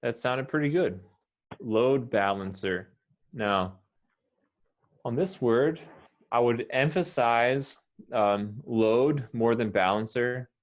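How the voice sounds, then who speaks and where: A man with an American accent, an English teacher patiently coaching pronunciation and modeling words slowly. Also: medium pitch, dull audio.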